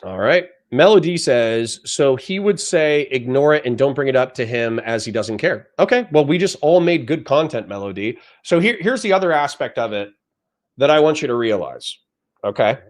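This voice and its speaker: A man's voice: medium pitch, expressive, normal speed. A young adult man streaming political commentary, reading chat messages and lecturing his audience in a heated, profane rant.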